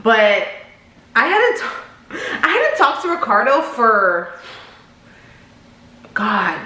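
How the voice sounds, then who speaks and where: A woman's voice: a little high, big pitch swings, drawn-out words, bright, forceful tone. A young woman vlogger telling a dating story in a casual, slangy way, talking straight to her viewers. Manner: chatty, slangy, addresses viewers as y'all. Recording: roomy echo.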